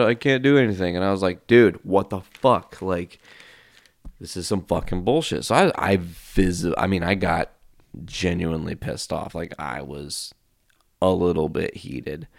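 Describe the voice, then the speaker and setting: A man hosting a podcast, telling a casual, profane story with animated quoted voices. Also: low voice, creaky, clean tone, dry recording, clean studio sound. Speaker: podcast host.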